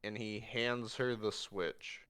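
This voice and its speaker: A man narrating a tabletop game as game master, describing a battle slowly and vividly. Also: lowish voice, fairly even intonation, fairly bright tone, clean tone. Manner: slow, vivid scene narration.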